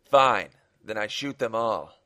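A man reading aloud voices a cold, menacing masked gunman who leads the group, speaking with slow, contemptuous command. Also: fairly low pitch, animated, sharp tone, exaggerated voice.

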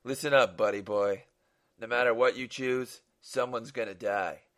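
A man reading aloud voices a cold, menacing masked gunman who leads the group, speaking with slow, contemptuous command. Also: mid-range voice, a bit bright, lightly acted.

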